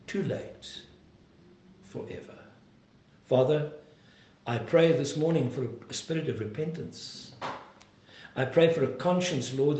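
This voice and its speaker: A man pastor preaching a sermon and praying, earnest and emphatic, slowing down to plead. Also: medium pitch, warm tone, reverberant, slight background noise. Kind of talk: sermon and closing prayer.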